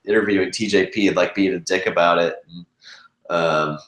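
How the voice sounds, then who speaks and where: A young man with a lowish voice chats casually as a podcast co-host. He rambles and fills his sentences with "like". The room around him sounds echoey. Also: steady tone, brisk, a bit bright. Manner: rambling, filler-heavy, says "like" constantly. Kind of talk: casual chat.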